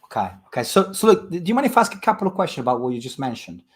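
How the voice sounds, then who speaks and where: A man with an Italian accent, a sales trainer making live cold calls on a headset, upbeat and quick to laugh while he moves about. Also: mid-range voice, big pitch swings. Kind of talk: live cold call, chatty and playful.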